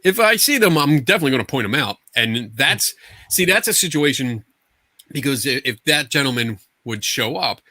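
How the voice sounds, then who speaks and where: A man's voice: mid-range voice, moderate pace. A man co-hosting a podcast in casual chat, talking in a hesitant way with frequent ums and uhs. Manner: animated, filler-heavy, hesitant. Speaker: podcast co-host.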